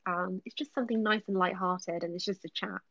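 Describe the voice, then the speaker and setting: Soft-spoken woman, chatty and whispery. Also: medium pitch, fairly quick, creaky, highs cut off, heavy background noise. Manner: chatty, many ums, drifts into whispers. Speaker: ASMR creator answering live chat. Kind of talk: casual live stream Q&A, soft-spoken with whispers.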